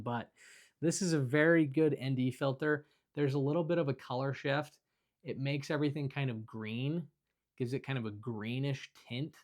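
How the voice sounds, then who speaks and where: Young male vlogger, mid-pitch, loose and rambling, casual review patter. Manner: rambling and chatty, full of fillers and self-corrections. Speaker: video creator reviewing his belongings. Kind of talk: casual off-the-cuff review chat.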